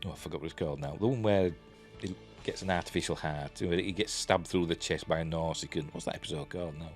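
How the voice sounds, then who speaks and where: A man with a Yorkshire accent and a low, deep voice talks through a TV episode at an easy ramble. He keeps reaching for "you know" and "um" between thoughts. Faint music plays quietly behind him. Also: fast talker. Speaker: TV episode reviewer. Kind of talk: casual spoken review.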